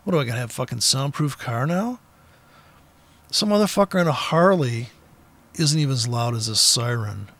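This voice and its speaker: A man's voice: mid-range voice, lively intonation, moderate pace, a bit bright. A man giving blunt, profane, combative trading commentary in an unscripted rant, speaking from a car with the window down.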